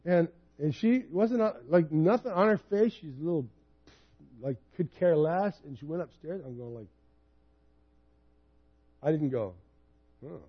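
A man's voice: on the high side, unhurried, pauses often, husky, lo-fi sound. A man in his fifties preaching a sermon in a personal, conversational storytelling way. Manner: conversational, personal storytelling, animated when retelling. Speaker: pastor.

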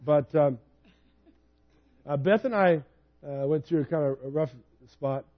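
A man's voice: on the high side, a little slow, muffled recording. A man in his fifties preaching a sermon in a personal, conversational storytelling way. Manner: conversational, personal storytelling, animated when retelling. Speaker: pastor.

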